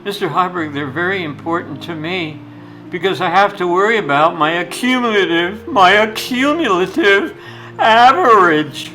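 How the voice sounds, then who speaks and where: A man voicing an anxious teenage boy student who is upset over his grades, with soft guitar music behind. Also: sits high, moderate pace, poor audio. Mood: pleading.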